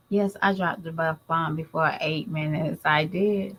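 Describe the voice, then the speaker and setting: A woman holds forth in an opinionated vlog, blunt and emphatic as she talks straight to her viewers. She takes her time, with a slow, deliberate pace that lets each point land. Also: low-pitched, steady tone, fairly bright tone, low-quality recording. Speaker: mother and YouTube commentator.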